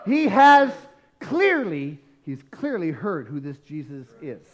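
A male pastor preaches a sermon in a fairly high voice. He is emphatic and swells into shouts, and he keeps checking in with his listeners with quick questions. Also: huge pitch swings. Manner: emphatic, rising to shouts, asks the congregation questions.

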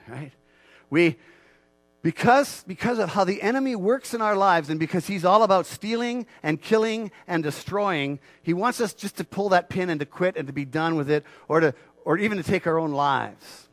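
Male pastor, slightly high voice, fervent sermon delivery that climbs from quiet to loud, repeats lines for punch, dry close sound. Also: normal speed, no room sound. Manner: swells from quiet earnest talk to loud, fervent preaching; repeats phrases for emphasis.

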